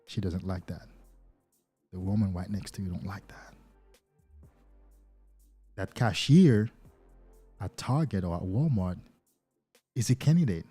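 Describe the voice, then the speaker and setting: Man with a low, dark, husky voice. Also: measured pace, pauses often, faint music behind. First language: not English. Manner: animated, acting out little scenes in other voices. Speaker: life coach. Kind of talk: livestream talk to viewers.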